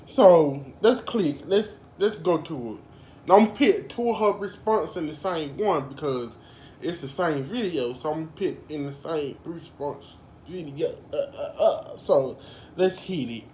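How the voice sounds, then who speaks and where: A woman's voice: deep voice, animated, unhurried, warm tone, reverberant, a little hiss or hum. A woman doing casual gossip commentary, chatty and informal, calling her viewers y'all and girl. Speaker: drama commentary vlogger.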